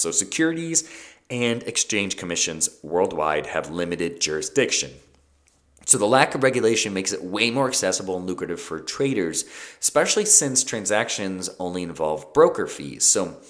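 Male podcast host with a lowish voice, loose and chatty, many fillers and restarts. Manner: conversational, with frequent fillers and self-corrections. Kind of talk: casual solo podcast talk.

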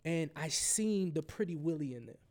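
Podcast guest: St. man, animated storyteller, high voice with big swings. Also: moderate pace. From St. Louis, USA. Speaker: guest, radio host. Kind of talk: casual chat, storytelling.

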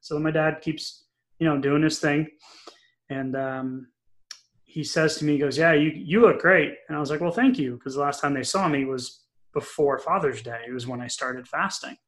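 Middle-aged male podcast co-host, chatty storyteller, mid pitch, lots of ums. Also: moderate pace. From New England. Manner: chatty, animated storyteller with many fillers. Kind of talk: casual podcast chat, storytelling.

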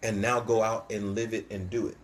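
A man co-hosting a casual faith chat, telling stories with animated quoted voices and frequent laughs. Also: on the low side, a little fast, a little hiss or hum. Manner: storytelling, animated, acts out quotes, laughs often. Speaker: co-host of a church podcast.

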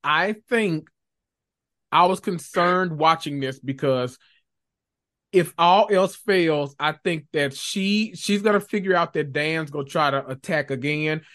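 A podcast host in casual pop culture chat, sassy and animated, swearing and laughing often. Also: mid-range voice, measured pace, no echo, studio quality.

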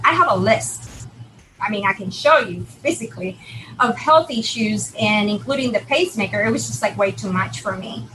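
Middle-aged woman, bright, fairly high voice, earnest testimony, emotional and halting. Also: a little hiss or hum, poor audio. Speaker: guest telling her near-death story. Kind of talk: personal testimony, conversational.

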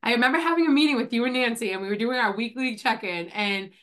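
A woman's voice: on the high side, fast talker, fairly bright tone. A woman hosting a podcast in casual chat, talking with lots of filler words while coming down with a cold. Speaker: podcast host.

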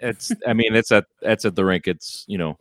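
A man's voice: lowish voice, moderate pace, no echo. A man co-hosting a podcast, dropping dry, joking asides in casual chat. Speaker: podcast co-host.

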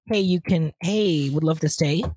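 A playful woman co-host steers a casual gaming chat from one segment to the next. Her voice sits a little low and sounds dry and close to the mic. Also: moderate pace, mellow, husky, dry recording. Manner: playful, hosting segment transitions. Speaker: podcast co-host.

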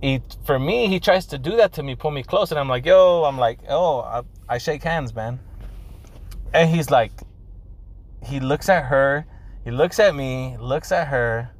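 A man's voice: mid-range voice, normal speed, rough recording. A young man telling a casual, profane story, switching between English and Spanish slang.

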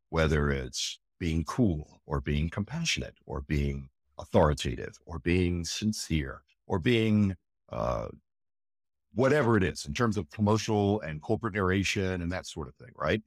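A man whose voice sits low is heard in a dry, clean studio recording. As a voice actor guest in a casual interview, he's enthusiastic and emphatic, habitually adding "again" and "right?" to his sentences.

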